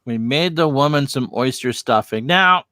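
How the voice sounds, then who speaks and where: A man in a casual chat, chiming in with quick quips and his own stories. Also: medium pitch, lively intonation, sharp tone, dry recording, clean studio sound. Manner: chimes in with quips.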